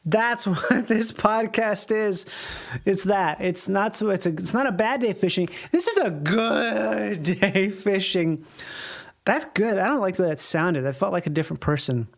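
A man's voice: high-pitched, lively intonation, normal speed. A man hosting his own podcast in a casual solo monologue, rambling and swearing freely with frequent chuckles. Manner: rambling, profane, laughs between phrases. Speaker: podcast host.

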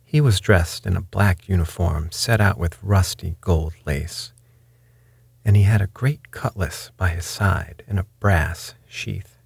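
A man reading a story aloud as its narrator, in a measured, unhurried way. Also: deep voice, vocal fry, slightly rough, dry recording.

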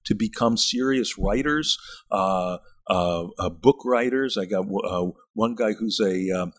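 Older male author, retired teacher, podcast guest; lowish husky voice, halting restarts, expressive reading. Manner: thoughtful, halting restarts, reads passages slowly and expressively. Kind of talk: podcast interview, reading from his book.

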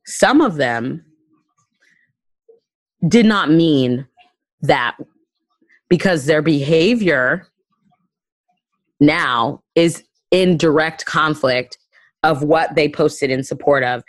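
A woman comedian with a low, deep voice speaks emphatically and bluntly in a casual chat. She sounds close to the mic, and the recording is dry with no room sound. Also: drawn-out words, pauses often, no room sound, poor audio. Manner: emphatic, profane, preachy. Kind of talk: casual podcast conversation.

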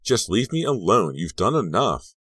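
A man voicing an angry, sharp-tongued teenage girl in an audiobook, sneering and snappish. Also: rumbling low, a little fast, no room sound, clean studio sound. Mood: yelling. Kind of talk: audiobook narration.

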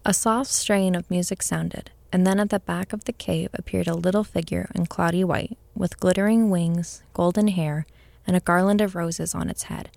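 A woman narrating a story aloud in a measured, expressive reading. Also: lowish voice, vocal fry, no echo.

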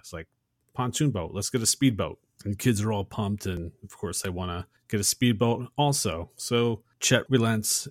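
Podcast co-host, male, lowish pitch, chatty and rambling, recorded dry. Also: dry recording. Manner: rambling, chatty, acts out quotes. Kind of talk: casual movie scene retelling.

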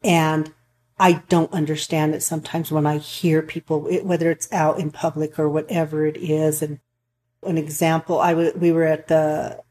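A woman's voice: low voice, flat delivery, normal speed, darkish tone, a little hiss or hum. A woman counselor talking earnestly in a casual chat, rambling a bit with restarts as she tells stories. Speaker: counselor for couples and families.

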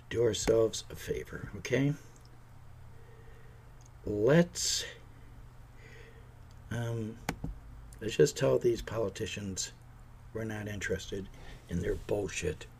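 Gravelly, indignant man ranting. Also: fairly low pitch, animated, slow pace, pauses often, slight background noise. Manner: indignant, sarcastic, mocks politicians in put-on voices. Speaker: podcast host. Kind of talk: opinionated political rant.

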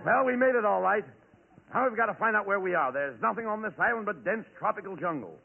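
A man's voice: high voice, expressive, fast talker, vocal fry. A man playing the impatient straight man in a 1940s radio comedy, giving orders to his partner. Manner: bossy, impatient, commanding. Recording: tinny old radio broadcast, noisy.

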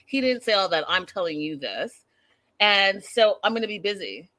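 A woman's voice: medium pitch, expressive, normal speed, pushed and bright, dry recording. A woman recapping reality TV in a casual, gossipy chat, talking straight to her viewers and laughing often.

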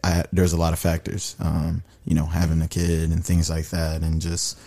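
Deep-voiced laid-back man. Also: monotone, normal speed, vocal fry, warm tone. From Dallas. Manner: laid-back, says um often. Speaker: guest artist. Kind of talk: casual podcast chat.

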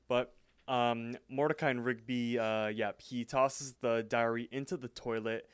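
A man co-hosts a casual podcast, walking through a cartoon episode scene by scene and tossing in the characters' lines as he goes. His voice is smooth and clear at a middling pitch. The sound is dry and close. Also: steady tone, no room sound. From England. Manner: retells scenes with quick quoted lines, loose and chatty. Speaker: podcast co-host. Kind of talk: casual recap chat.

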